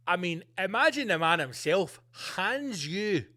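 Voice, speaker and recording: A man hosting a comedy podcast, ranting loudly and profanely with lots of animation. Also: sits high, sing-song, unhurried. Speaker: podcast host. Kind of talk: comedic rant.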